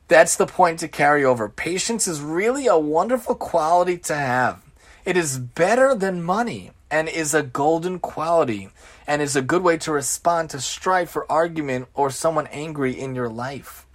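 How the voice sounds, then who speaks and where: Emphatic man teaching a Torah lesson. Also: on the high side. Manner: repetitive, emphatic lists. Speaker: religious teacher and show host.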